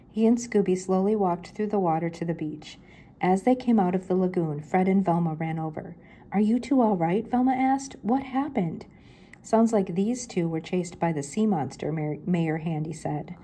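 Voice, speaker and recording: A woman's voice: lowish voice, mellow, slightly rough. An older woman, a grandmother, reading a children's mystery book aloud and lifting her voice for the characters' lines.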